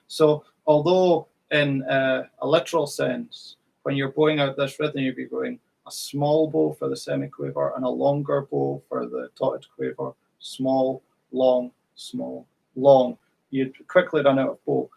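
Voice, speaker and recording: A man's voice: medium pitch, gravelly, husky, poor audio. A man teaching fiddle in an online workshop, patiently counting in and singing rhythms.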